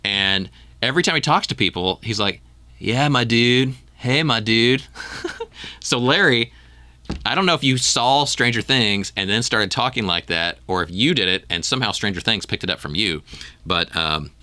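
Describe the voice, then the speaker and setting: A man's voice: lowish voice, animated, moderate pace, pushed and bright, no room sound. A man hosting a podcast in casual chat, rambling with frequent ums and restarts. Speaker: podcast host.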